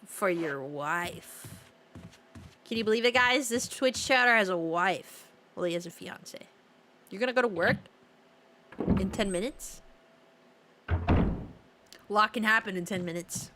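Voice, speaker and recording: A woman of medium pitch talks at normal speed but pauses often while streaming a horror game. She banters playfully with her viewers, laughing frequently, against background noise.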